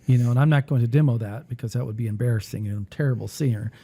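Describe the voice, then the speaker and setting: A man hosting a casual talk who rambles and thinks aloud while he clicks through music software. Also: medium pitch, racing. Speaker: music teacher and podcast host.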